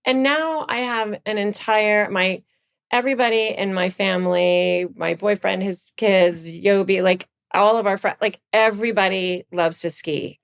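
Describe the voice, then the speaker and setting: A middle-aged woman from Virginia, a podcast guest, chatting casually and telling animated stories, leaping up in pitch for quoted lines. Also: measured pace, creaky, clear, resonant tone. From Virginia, USA. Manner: animated storyteller, jumps high for quoted lines. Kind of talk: casual chat.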